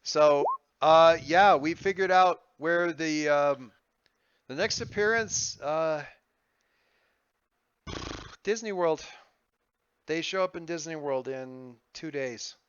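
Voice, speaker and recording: A man running a tabletop game, chatting out of character, excitable and halting, with many restarts. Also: on the high side, slight background noise. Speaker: game master. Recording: slightly muffled dry audio.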